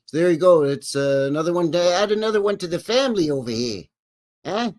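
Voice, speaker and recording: A man's voice: on the high side, expressive, a little fast, darkish tone, voice pushed up, close to an everyday voice. A man voicing a wisecracking Italian-American mobster with brash, teasing street-tough patter. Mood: jokey.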